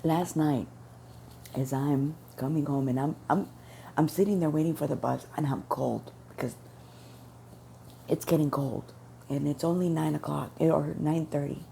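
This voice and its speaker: Gravelly low-voiced woman giving testimony. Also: steady tone, normal speed, long pauses, warm tone, a little hiss or hum. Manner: earnest, repetitive storytelling, quoting prayers. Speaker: testimony speaker. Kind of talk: personal religious testimony.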